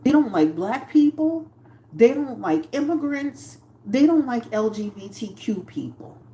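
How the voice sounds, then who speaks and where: A woman hosting a casual livestream, talking with emphatic, animated energy and swearing. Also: fairly high pitch, unhurried, roomy sound. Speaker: tarot reader and livestream host.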